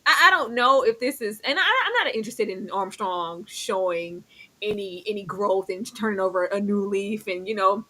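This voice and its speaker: A woman co-hosting a TV review show in casual chat, animated and exclamatory. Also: medium pitch, normal speed. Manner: animated, exclamatory, talks to the characters as 'girl'.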